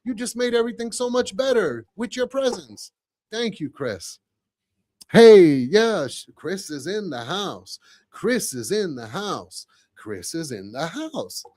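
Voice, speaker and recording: A man's voice: sits high, sing-song, slow, darkish tone. A man with a New York accent hosting a live podcast, chatty and effusive, greeting viewers and his guest from a studio. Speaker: podcast host.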